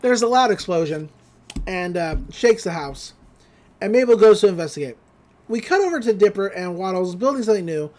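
A woman's voice: medium pitch, lively intonation, brisk, a little mellow. A woman hosting a podcast, recapping a cartoon episode in a chatty, giggly way with lots of fillers. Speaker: podcast host.

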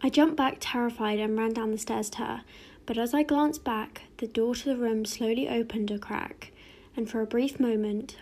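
A woman calmly narrating a short scary story in a measured way. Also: a little high.

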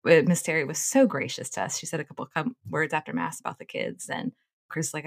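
A middle-aged woman co-hosting a podcast, telling stories in an animated way and laughing often. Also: low-pitched, fast talker, creaky, husky. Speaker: podcast co-host. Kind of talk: casual chat.

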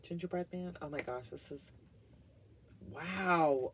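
Middle-aged woman, casual haul vlogger; slow, gushing delivery with lots of fillers and hushed asides. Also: low-pitched, slight background noise. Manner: gushing, chatty, full of "like" fillers, drops to whispered asides. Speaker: vlogger reviewing wax melts.

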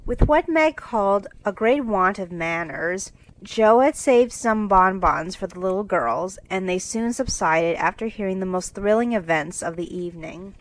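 A woman narrating a classic storybook in a steady, clear reading for English learners. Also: mid-range voice, unhurried, hardly any pauses, no room sound, rough recording.

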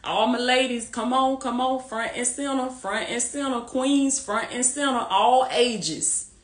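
In an echoey room, a woman coaching from a faith-based perspective hosts a casual, unhurried livestream pep talk. Her slightly high voice carries a rallying, preachy, warm-hearted manner, full of repetition and laughter, recorded through a phone or webcam.

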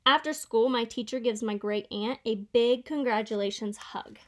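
A woman reading a children's picture book aloud in a steady, clear storytelling way. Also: on the high side, moderate pace. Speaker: reader.

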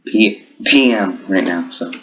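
Deep-voiced man rambling over gameplay. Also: slow pace, fairly bright tone. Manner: rambling, chatty self-narration with little laughs; speaking in a put-on deep voice. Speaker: gaming channel host. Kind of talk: casual gaming commentary. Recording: muffled recording with faint hiss.

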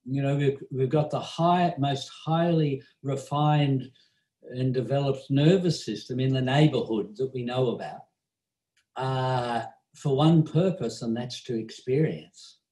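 A man's voice: medium pitch, unhurried, dark tone. A man from Australia, a meditation teacher telling an anecdote in conversation, chuckling often and filling his talk with "you know". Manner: chuckling storyteller with frequent "you know" fillers. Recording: echoey room.

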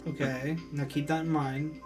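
A young man co-hosting a gaming video, bantering loudly and sarcastically and swearing freely. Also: on the high side, little pitch movement, moderate pace, over music. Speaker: gaming channel co-host. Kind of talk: casual gameplay banter.

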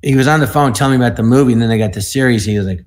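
Male, 60s, from the US. Panel guest, animated storyteller who acts out the dialogue. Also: mid-range voice, very fast. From United States. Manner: animated, acts out other people's lines in the stories. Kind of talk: anecdotal storytelling.

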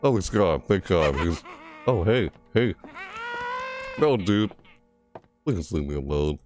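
A man's voice: low-pitched, lively intonation, slow pace, loud music behind the voice. A man hosting a horror game let's play, talking through it, grumbling at the game and yelping when startled. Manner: jumpy, yelps and cries out at scares, grumbling at the game. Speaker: gaming channel host.

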